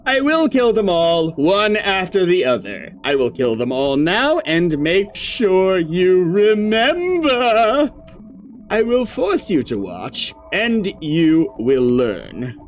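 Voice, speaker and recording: A man voicing a cruel male king villain in a video game, making slow, drawn-out shouted threats. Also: high voice, sing-song, soft background music, pitched above the performer's own voice, heavily acted. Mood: threatening.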